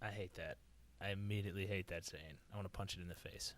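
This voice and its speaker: A man co-hosting a podcast in casual chat, dry and quick to shoot down ideas, with a laugh. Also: sits low, steady tone, dry recording. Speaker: podcast co-host.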